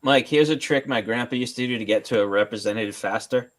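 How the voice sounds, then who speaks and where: A man's voice: mid-range voice, fast talker. A man co-hosting a podcast, complaining in an exasperated way during casual chat. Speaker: podcast co-host.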